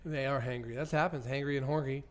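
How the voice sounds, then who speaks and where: A man hosting a crude comedy podcast, telling stories loudly with lots of swearing and laughter. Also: mid-range voice, fairly even intonation, fast talker, a crowd in the background. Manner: loud, profane storytelling, laughs often. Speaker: podcast host.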